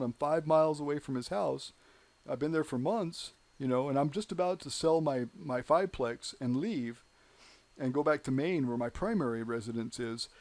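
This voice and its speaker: A man's voice: mid-range voice, dark tone. Heated rambling male show host. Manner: rambling, heated, peppered with "you know". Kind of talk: casual monologue storytelling.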